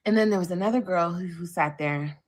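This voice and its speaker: A woman's voice: fairly low pitch, a little fast. A woman hosting a livestream podcast, telling a story casually, with plenty of profanity, and acting out the things other people said. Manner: animated, profane, acts out quotes.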